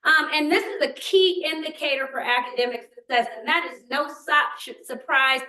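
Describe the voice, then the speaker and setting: An older woman presenting a workshop to parents, animated and asking the room questions. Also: high voice, moderate pace, reverberant, low-quality recording. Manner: animated, asks the audience questions, acts out quotes. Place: meeting room.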